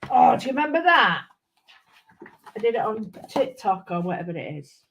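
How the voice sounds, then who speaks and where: A woman's voice: a little high, sing-song, normal speed, creaky, a bit bright, a little hiss or hum, low-quality recording. A woman giving a chatty live craft demonstration, rambling and giddy, talking to her viewers with lots of exclamations. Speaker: craft tutor.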